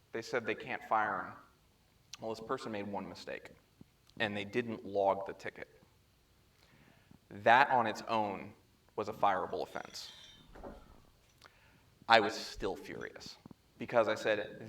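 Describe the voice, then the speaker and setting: A man presenting at a security chapter meeting, telling a story in a lively way and acting out the dialogue, speaking into a handheld microphone. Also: on the low side, unhurried, long pauses. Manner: animated storyteller who acts out quoted dialogue. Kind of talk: conference talk, storytelling. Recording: echoey room, faint background noise.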